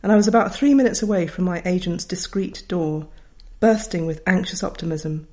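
A woman's voice: on the low side, moderate pace, warm tone. A middle-aged woman, a writer reading her own memoir aloud in a wry, reflective way. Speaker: author.

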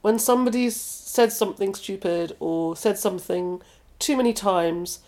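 A woman's voice: mid-range voice, normal speed, mellow. Reflective English-accented woman novelist. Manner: reflective, conversational, with trailing restarts. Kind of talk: interview conversation.

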